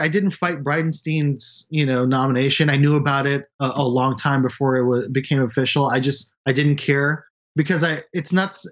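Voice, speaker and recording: A candid male space reporter sounds off in loose, casual conversation. His voice sits fairly high, and he gives blunt opinions without softening them. The audio is dull and lo-fi. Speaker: space journalist.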